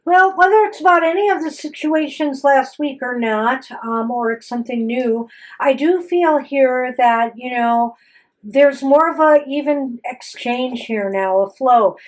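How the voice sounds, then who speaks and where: Higher-voiced woman musing over tarot cards. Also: measured pace, low-quality recording. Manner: rambling, many "you know" fillers. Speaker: co-host tarot reader. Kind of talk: casual tarot reading chat.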